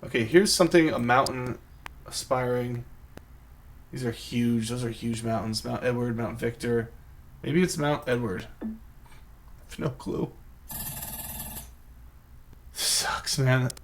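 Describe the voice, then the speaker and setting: Male game streamer, mid-pitched voice, rambling live commentary, self-mocking and thinking aloud. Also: moderate pace, a little hiss or hum.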